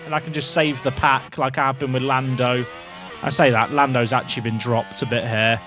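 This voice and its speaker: A young man giving excitable, jokey commentary while playing a racing game, talking to his chat and shouting at his drivers. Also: mid-range voice, fairly quick, music in the background. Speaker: gaming video creator. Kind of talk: casual gameplay commentary.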